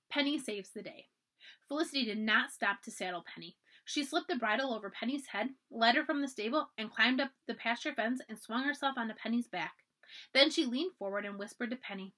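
A woman librarian reading a children's storybook aloud, expressive and often dropping to a hush for the dramatic parts. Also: a little high.

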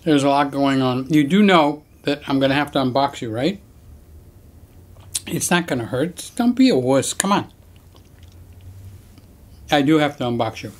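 A man's voice: mid-range voice, animated, normal speed, pauses often. Chatty joking middle-aged man vlogging. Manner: chatty and joking, talks to his pets. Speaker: camera vlogger. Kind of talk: casual unboxing vlog. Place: home room decorated for Christmas.

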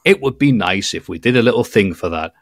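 Animated man telling stories. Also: fairly low pitch, a little fast, dry recording, studio quality. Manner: animated storytelling with voiced quotes and laughs. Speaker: podcast guest, video maker. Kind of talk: casual chat, storytelling.

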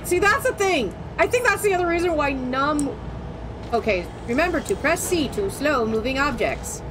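A woman's voice: high-pitched, animated, normal speed, background noise. A woman streaming a co-op game, talking bluntly and with exasperation and swearing freely. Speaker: let's play streamer. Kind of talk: casual co-op gameplay chat.

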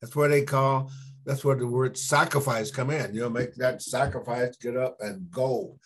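A man pastor teaching a church Sunday school class, unhurried, repeating key words for emphasis and putting questions to the class. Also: medium pitch, fairly even intonation, a little hiss or hum.

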